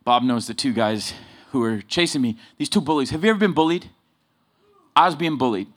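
A man preaching a sermon full of personal stories, swinging between loud emphasis and low asides. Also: animated, a little fast. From Southern California.

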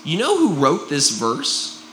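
A man preaching a sermon to a congregation, animated and jokey, with frequent "right?" asides. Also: fairly high pitch, takes it slowly, very noisy. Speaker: pastor. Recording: roomy echo.

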